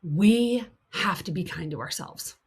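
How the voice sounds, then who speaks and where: A woman coach giving an earnest teaching talk. She repeats key points for emphasis, voices the harsh inner critic, and slips into a soft, soothing tone. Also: on the low side, animated, unhurried, breathy edge. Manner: soft, soothing tone for self-kindness.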